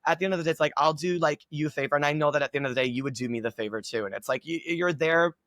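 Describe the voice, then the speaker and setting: A man's voice: on the high side, racing, fairly bright tone, no echo. A man chatting as a guest creator, gushing and upbeat, with lots of filler words. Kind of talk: casual chat.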